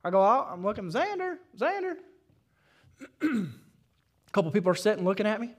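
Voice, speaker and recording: A man with a Southern US accent preaching a sermon at a church service, telling folksy stories and building up to shouted calls to his congregation. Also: high voice, brisk. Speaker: pastor.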